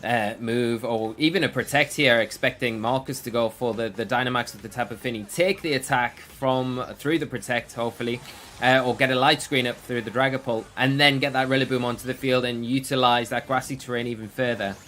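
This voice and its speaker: A man's voice: mid-range voice, steady tone, fairly quick, fairly bright tone. A man commentating a competitive game match, breaking down plays analytically and thinking aloud with frequent restarts. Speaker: esports commentator.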